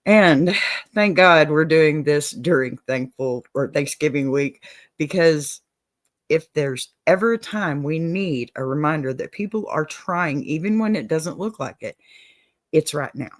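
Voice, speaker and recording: A host with a Southern accent talks through an advice show in a casual, encouraging way, checking in with "okay?" and calling listeners "y'all." The voice sits at a middle pitch. It is recorded close and dry, with no room echo. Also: expressive, unhurried. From Texas.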